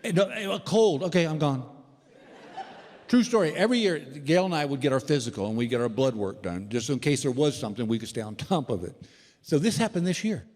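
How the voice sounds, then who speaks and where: A man, performing stand-up comedy as an animated storyteller who acts out the voices he quotes. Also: medium pitch, brisk. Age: 60s. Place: large indoor theater stage. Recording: live theater reverb with faint ambience.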